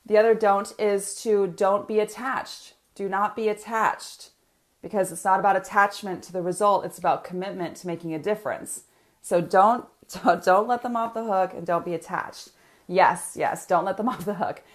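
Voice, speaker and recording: A woman coach leading a live online training. She talks in an animated way, laughs often and uses frequent filler words. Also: mid-range voice, moderate pace. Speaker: business coach teaching a training.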